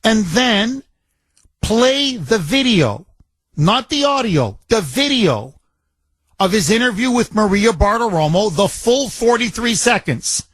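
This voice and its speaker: A man's voice: sits high, a bit bright, slightly rough, no echo. A man hosting a political talk radio show, delivering an impassioned, emphatic monologue full of repetition.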